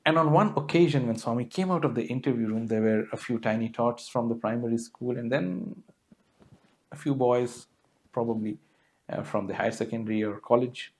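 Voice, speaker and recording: A man speaks at a mid pitch, giving a spiritual talk. He tells stories earnestly and slips in small fillers as he goes. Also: steady tone, moderate pace. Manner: earnest storytelling with frequent fillers. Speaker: guest speaker.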